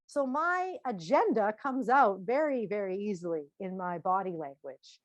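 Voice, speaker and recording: A middle-aged woman speaking at a parenting seminar, lively, asking the audience questions and acting out quotes. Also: medium pitch, moderate pace, no room sound, muffled recording.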